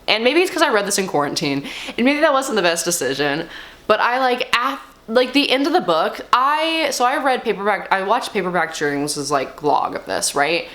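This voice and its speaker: A young woman talking casually and candidly as a book vlogger, swearing freely and swinging her pitch up and down. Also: fairly bright tone. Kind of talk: casual chat.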